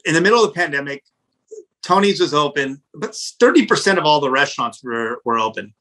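Middle-aged guy telling a story casually, swears a lot, kinda high pitched, bright edgy tone. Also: brisk, rough recording. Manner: animated, blunt, profane storytelling. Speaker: pizza restaurant owner, guest.

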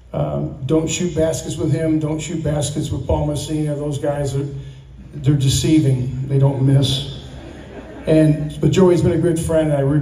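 A man in his sixties, slightly high-pitched with a mellow tone, gives a rambling retirement speech full of stories and chuckles. He is picked up from a distance in an echoey room with a faint hum of ambience. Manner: rambling, storytelling, chuckling often. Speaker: retiree giving a farewell speech. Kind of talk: casual thank-you speech with anecdotes. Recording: echoey room, mic from afar.

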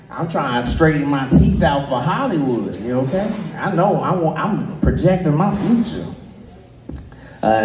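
A man's voice: lowish voice, warm tone, slight background noise. Stand-up comic man in an echoey club. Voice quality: slight lisp. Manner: loose, joking, acts out quick voices. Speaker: stand-up comedian. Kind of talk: stand-up comedy set. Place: comedy club stage.

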